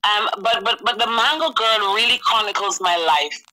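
A woman's voice: mid-range voice, normal speed, bright, forceful tone, poor audio. A Jamaican woman with British traces in her accent, an author and producer, talking earnestly in a radio interview with many ums.

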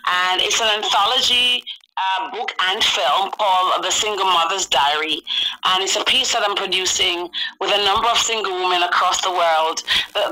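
A woman's voice: lowish voice, bright, forceful tone, rough recording. A Jamaican woman with British traces in her accent, an author and producer, talking earnestly in a radio interview with many ums.

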